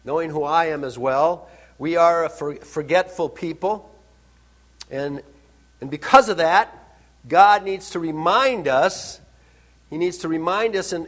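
Man preaching with rising, emphatic swells. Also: fairly high pitch. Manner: repeats words for emphasis, asks the congregation questions; swings between soft asides and loud emphatic lines. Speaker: pastor. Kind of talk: sermon. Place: church service.

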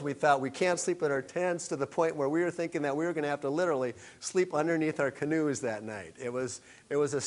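A man preaching a sermon, telling stories with frequent halting restarts. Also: on the high side. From Upper Midwest of the USA. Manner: halting storytelling with many restarts. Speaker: pastor.

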